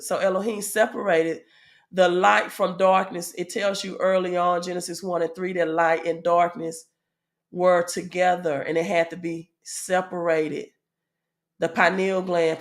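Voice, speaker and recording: A woman with a Southern US accent giving a casual spiritual teaching, with frequent "um" fillers and checks of "right?" to her audience. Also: lowish voice. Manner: asks the audience "right?" often.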